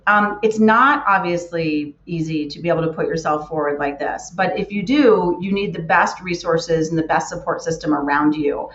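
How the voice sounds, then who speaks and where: Woman keynote speaker, earnest and emphatic, lowish voice, muffled recording. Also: normal speed, hardly any pauses, a bit bright. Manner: earnest, emphatic with repeated words. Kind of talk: motivational talk. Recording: roomy, muffled lo-fi sound.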